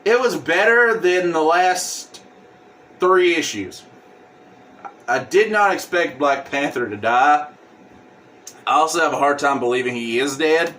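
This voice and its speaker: A man giving a casual plot recap in a halting way, with frequent fillers and restarts. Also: on the high side, lively intonation, fairly bright tone. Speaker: comic book reviewer. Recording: distant mic with faint hum.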